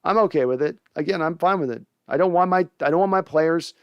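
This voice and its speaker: A young man hosts a casual fan show, reading out comments and answering with opinionated takes. His voice sits a little high and comes through smooth and resonant. The sound is dry and close. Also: a little fast, no echo, highs cut off. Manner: conversational, opinionated, frequent restarts. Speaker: sports podcast host reading viewer comments.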